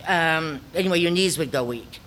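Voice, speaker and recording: A woman's voice: low-pitched, moderate pace, fairly bright tone, a little hiss or hum. A middle-aged woman with an Ozark accent, a theater director telling a personal story to an audience, reflective and full of ums.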